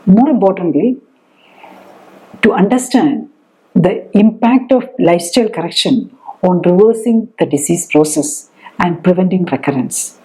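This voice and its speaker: A middle-aged woman lectures as a doctor in a soft, mellow tone. She explains things patiently and often stops on "uh" fillers while she searches for words. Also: lowish voice, poor audio. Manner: explanatory, pauses with frequent "uh" fillers. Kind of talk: health lecture.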